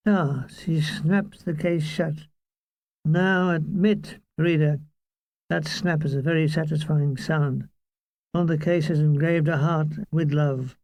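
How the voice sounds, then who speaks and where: Wry, slow older male memoir reader. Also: on the high side, dry recording. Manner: wry, deadpan comic delivery. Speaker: author reading his memoir. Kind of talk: audiobook memoir narration.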